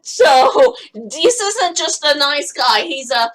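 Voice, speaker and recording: Eine junge Frau, beschwipst und kichernd, liest ein Spiel vor und schweift ständig ab, hohe Stimme, viel Auf und Ab. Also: female voice, high-pitched, very animated, takes it slowly, hardly any pauses, fairly bright tone, poor audio. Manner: giggly, rambling. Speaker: let's play host. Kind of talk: tipsy casual game reading.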